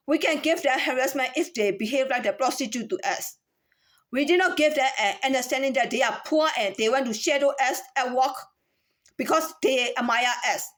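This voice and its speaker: A woman giving a lecturing monologue as a voice coach, repeating herself insistently and switching between voices to demonstrate them. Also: high-pitched. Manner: demonstrates different speaking voices in a repetitive, insistent way.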